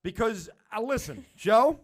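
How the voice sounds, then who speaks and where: A man's voice: very high-pitched, expressive, measured pace. A man co-hosting a podcast, giving mock-serious advice in a teasing, lecturing way. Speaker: podcast co-host. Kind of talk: casual podcast banter.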